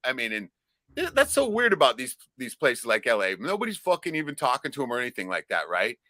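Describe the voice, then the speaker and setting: A man from Alaska telling a profane, rambling story in a casual podcast chat, loudly acting out his own shouts. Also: medium pitch, huge pitch swings, quick pace, no echo. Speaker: podcast co-host.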